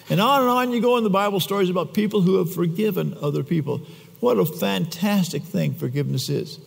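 A preacher with a gravelly, slightly high voice gives a conversational sermon and keeps turning to the congregation with questions. His voice carries through a long, echoing church hall. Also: darkish tone.

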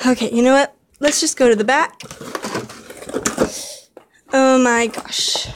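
Woman, high voice, slow unhurried delivery, gushing unboxing vlog, faint hiss behind. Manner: gushing, excitable, talks to viewers. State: tired. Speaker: vlogger unboxing a model horse.

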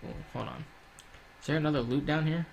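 A man's voice: fairly high pitch, brisk, vocal fry, slight background noise. A man giving casual, rambling gameplay commentary, swearing often and drifting into rants. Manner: rambling, profane, ranting. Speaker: gaming YouTuber.

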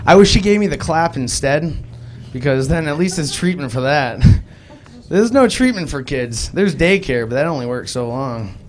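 A man's voice: a little high, moderate pace. A young man with a Boston accent doing a live stand-up comedy set, telling self-deprecating stories and acting out the voices in them. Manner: self-deprecating, animated storytelling with voiced quotes. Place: live club stage.

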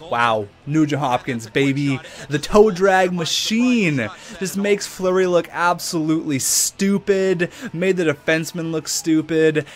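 Young guy yelling and cursing over a hockey game, kinda high voice, hyped and trash-talky. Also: a little slow. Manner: hyped, swearing, trash-talking, laughing bursts. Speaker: gaming YouTuber. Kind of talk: excited game commentary.

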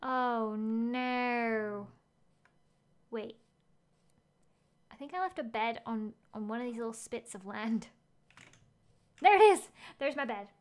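A woman's voice: a little high, normal speed, pauses often. A woman game streamer chatting casually as she plays, thinking aloud, gasping at finds and reading chat messages.

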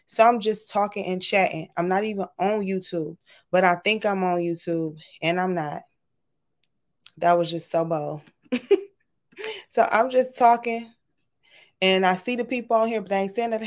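A woman, hosting a casual craft livestream from home, chatting and greeting viewers by name in an animated way. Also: on the low side, moderate pace. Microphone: webcam or laptop camera.

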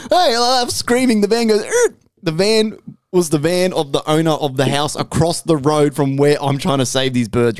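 A young man tells an excitable story on a podcast. His voice sits a little high for a man and sounds dry and close, with no room around it. He swears freely and keeps tossing in "right?" to pull his listeners along. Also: dry recording. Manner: animated, swears constantly, keeps adding "right?". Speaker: podcast host. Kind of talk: casual storytelling chat.

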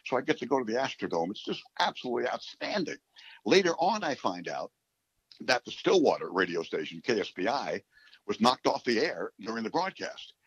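A man in his seventies from New York City, a radio play-by-play announcer, telling rambling, animated stories in a casual interview. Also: medium pitch, a little fast, slightly rough, no room sound. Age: 70s. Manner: animated, rambling storyteller who acts out quotes. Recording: dull, dry recording.

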